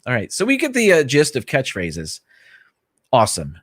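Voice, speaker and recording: A man's voice: medium pitch, wildly swooping pitch, normal speed, a bit bright, no room sound. A man hosting a casual livestream from a small home studio, chatting in a rambling, easygoing way and greeting viewers by name. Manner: easygoing, self-correcting asides. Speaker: livestream host.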